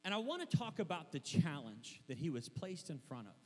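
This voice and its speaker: High-voiced animated man preaching in a hall. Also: brisk, breathy edge. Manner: animated storytelling, shouting and laughing. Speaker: pastor. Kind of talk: sermon. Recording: long hall reverb with mains hum.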